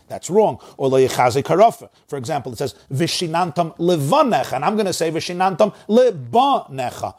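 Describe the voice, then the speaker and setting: A man's voice: fairly high pitch, a little mellow, breathy edge. A man giving a religious lesson who reads Hebrew phrases with an Ashkenazi pronunciation, translates them and repeats words to show how to say them. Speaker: Torah teacher. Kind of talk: lesson explaining a text line by line.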